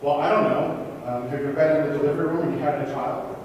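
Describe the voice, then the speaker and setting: A man's voice: on the high side, quick pace, recorded from a distance, dull audio, a little hiss or hum. Man presenting in an echoey hall. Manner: questions the audience, rhetorical and animated. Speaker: conference speaker. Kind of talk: interactive conference presentation. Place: conference hall. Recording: echoey hall, recorded from afar.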